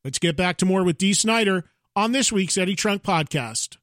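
A man hosting a podcast interview, steering the talk with brisk questions and segment links. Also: sits high, animated, a bit bright, faint music behind. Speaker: podcast host.

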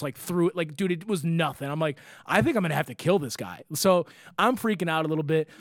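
A young man hosting a podcast, with a fairly high voice, animated as he tells a long story and swears freely. He jumps into the voices of the people in his story. The sound is close and dry. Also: dry recording. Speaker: podcast host. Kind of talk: casual chat.

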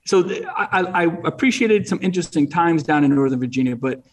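Man, middle-aged, from New England, interview guest, rambling, restarts often, slightly high voice. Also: fast, recorded from a distance. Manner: rambling, frequent restarts and fillers. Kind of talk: casual interview chat.

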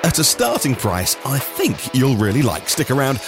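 A man's voice: mid-range voice, huge pitch swings, normal speed, over loud music. A middle-aged man from Norfolk, hosting a daily news podcast in a chatty way with personal asides. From Norfolk, England. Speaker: podcast host.

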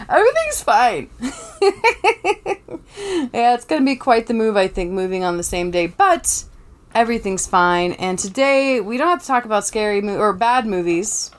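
A young woman co-hosting a casual movie podcast from her bedroom, chatty and quick to laugh, often sidetracked by her cat. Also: medium pitch, clear, resonant tone. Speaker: podcast co-host. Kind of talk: casual chat about movies. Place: bedroom at home. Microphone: podcast microphone.

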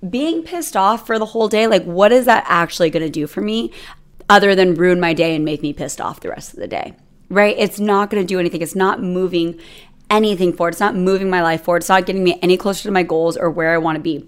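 A woman's voice: lowish voice, fast talker, clear, resonant tone. A young adult woman hosting her own podcast, telling a personal story in a chatty, rambling way with many fillers. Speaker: podcast host. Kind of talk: casual solo podcast monologue.

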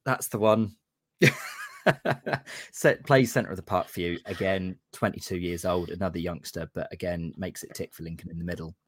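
A man's voice: low-pitched, steady tone, normal speed, dry recording. A man in his twenties hosting a casual podcast chat, self-mocking and tripping over names. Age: 20s. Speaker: podcast host.

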